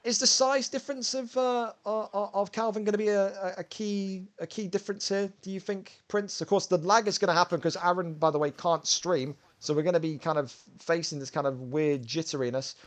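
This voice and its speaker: Chatty male fight commentator, slightly high voice. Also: steady tone, fairly quick, hardly any pauses. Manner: chatty, bantering, loose and rambling. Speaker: commentator and host. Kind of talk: video game fight commentary.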